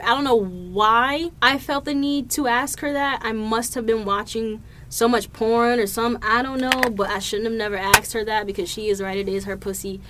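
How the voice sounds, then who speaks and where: A woman hosting her own podcast, telling stories in a profane, animated, laughing way. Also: fairly high pitch, moderate pace, few pauses. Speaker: podcast host. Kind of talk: casual solo podcast storytelling.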